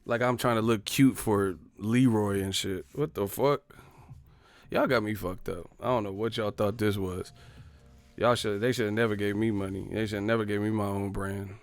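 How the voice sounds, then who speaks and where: A man rants on a boxing live stream, profane, joking and exasperated. His voice sits fairly low and the sound is dry and close. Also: steady tone, moderate pace, no echo. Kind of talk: casual live-stream rant.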